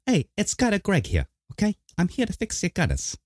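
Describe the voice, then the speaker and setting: Guy doing a pushy gutter guy impression, loud-ish and way higher, bouncy, dry mic. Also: wildly swooping pitch, fairly quick, dry recording, full character voice. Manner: pushy, streetwise, punctuated with "okay?". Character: brash gutter-fixer man doing a governor impression.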